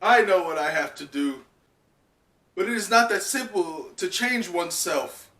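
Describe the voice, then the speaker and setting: A man voicing a haughty, panicky young dragon boy with shrill outbursts. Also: expressive, a little slow, bright, forceful tone, exaggerated voice. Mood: indignant. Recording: echoey room, distant mic.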